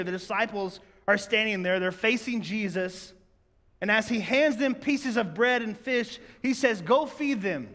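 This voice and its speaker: A pastor preaches in a church sanctuary, chatting with the congregation in a conversational way and posing rhetorical questions. His voice is high, pushed, and bright, and the sound reverberates as in an echoey hall.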